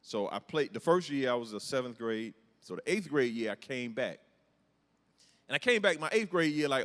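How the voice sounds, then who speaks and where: A comedian telling a story on stage, animated and acting out the scenes and voices. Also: male voice, mid-range voice, moderate pace. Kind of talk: stand-up storytelling. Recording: echoey hall with long reverb.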